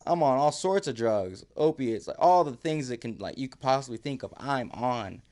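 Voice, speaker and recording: A man's voice: medium pitch, animated, moderate pace, darkish tone. A man casually telling a story on a podcast, laid-back, using slang and laughing often. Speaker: podcast guest.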